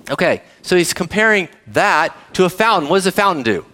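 A man delivers a sermon in a high voice that leaps up and down. He reads scripture aloud and keeps turning to the congregation with questions, speaking to the kids as well. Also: a little fast. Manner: animated preaching, asks the audience questions, addresses kids. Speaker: pastor.

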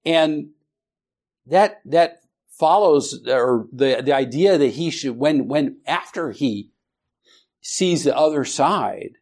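Man teaching a Bible class, halting. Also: a little high, lively intonation, a little mellow. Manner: halting, with many restarts and fillers; asks the class questions, calls on students.

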